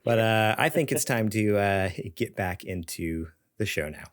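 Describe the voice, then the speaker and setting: A man's voice: on the low side, expressive, measured pace, smooth. A man co-hosting a gaming podcast in casual chat, rambling with lots of fillers and frequent laughs. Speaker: podcast co-host.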